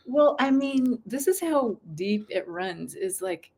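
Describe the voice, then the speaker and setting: A middle-aged American woman in casual conversation as a guest author, chatty and quick to laugh, often breaking off and restarting. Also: a little high, lively intonation, warm tone. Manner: chatty, laughing, self-interrupting.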